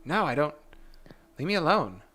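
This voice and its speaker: A man's voice: fairly high pitch, sing-song, moderate pace, bright, forceful tone. A man hosting a casual livestream chat, rambling along and laughing often. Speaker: host.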